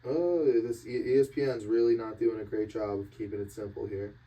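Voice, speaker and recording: A man co-hosting a casual sports podcast, laid-back and making quick joking asides. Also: lowish voice, fairly even intonation, mellow, recorded from a distance. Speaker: podcast co-host.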